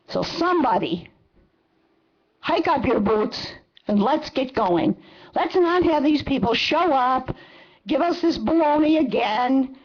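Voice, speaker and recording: A dull, lo-fi meeting recording captures a septuagenarian woman making an impassioned, angry public comment in a council chamber. Her voice sits high, with lively intonation and a slow pace.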